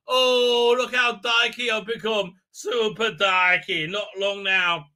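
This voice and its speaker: A man's voice: high voice, fairly even intonation, slow pace, few pauses, pushed and bright. A man hosting a live stream, chatting casually in a rambling, sardonic way full of filler sounds. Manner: rambling, many filler ums and uhs, sardonic. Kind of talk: casual live review chat.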